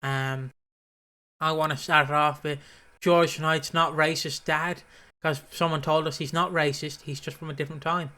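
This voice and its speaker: With a sharp tone and flat delivery, this British podcast co-host speaks at a moderate pace in a voice on the high side. His chat is casual, loose and rambling, full of fillers and frequent uses of "obviously" and "lad."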